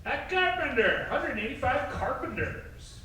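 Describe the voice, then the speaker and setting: A man's voice: extremely high pitch, big pitch swings, a little slow, sharp tone. A man hosting a live improv show, chatting and cracking jokes with the audience. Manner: jokey, chatty. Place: brewery taproom stage. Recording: echoey room from far off with crowd noise.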